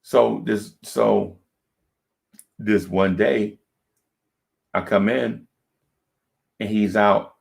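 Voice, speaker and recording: A man's voice: on the low side, fairly even intonation, very slow, vocal fry, pauses often. A man on a podcast telling a personal story in a casual, conversational way, often checking in with his listeners. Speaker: podcast co-host.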